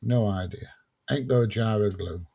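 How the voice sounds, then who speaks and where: A man's voice: on the low side, moderate pace, warm tone, slightly rough, highs cut off. A man hosting a casual livestream, reading out viewer questions and answering them plainly. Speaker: livestream host answering chat. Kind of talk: casual chat.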